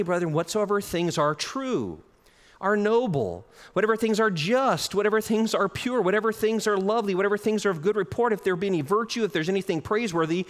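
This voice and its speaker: A man preaching a sermon as pastor, animated, with chuckles and shifts in pace. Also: high voice. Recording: long reverb of a hall.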